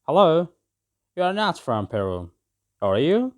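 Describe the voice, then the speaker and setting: A man's voice: fairly high pitch, very animated, measured pace, pitched above the performer's own voice. A man voicing a big, friendly black-and-white male bird who speaks plainly and helpfully.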